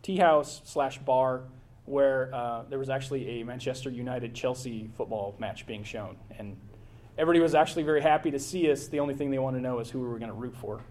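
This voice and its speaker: A middle-aged American man narrates his travel slides in a relaxed, wandering way. He stumbles through restarts and fillers as he goes. His voice sits at an ordinary middle pitch. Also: brisk. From United States. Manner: rambling, with many fillers and restarts. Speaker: presenter giving a slide talk. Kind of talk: casual travel slideshow talk.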